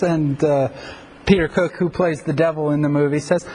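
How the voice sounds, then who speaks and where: A man's voice: fairly high pitch, fairly even intonation, moderate pace, darkish tone, rough recording. A male pastor giving a conversational Bible teaching, with frequent fillers and self-corrections.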